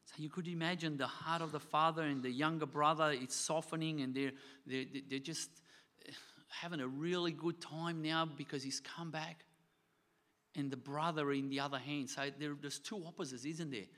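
A man with a fairly high, bright voice delivers a sermon to his congregation. He is earnest, repeats himself for emphasis and poses rhetorical questions. His voice rings out with a long reverb in a large hall. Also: fairly even intonation, moderate pace. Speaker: preacher. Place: church hall.

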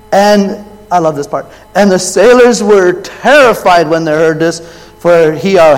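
A man preaching a sermon and retelling a Bible story. He swings between loud, raised quoted lines and quiet, low asides. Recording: long hall reverb.

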